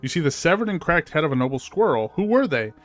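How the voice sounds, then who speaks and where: A man's voice: on the high side, sing-song, quick pace, faint music behind. Casual male gaming streamer. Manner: chatty, with fillers, reading game text aloud. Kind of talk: casual let's-play commentary.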